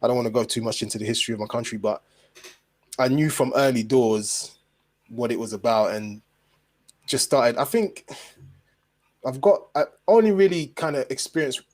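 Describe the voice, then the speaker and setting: A man from Montserrat who hosts a podcast, talking in a relaxed, reflective way in a casual chat. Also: mid-range voice, normal speed, long pauses. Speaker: podcast host.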